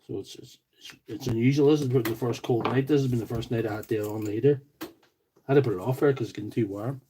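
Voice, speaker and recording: Husky Northern Irish man chatting. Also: mid-range voice, quick pace, warm tone, poor audio. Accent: Northern Irish, County Tyrone. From Northern Ireland. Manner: chatty, joking, rambling asides while working. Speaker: tool repair livestream host. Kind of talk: casual livestream chat reading viewer comments.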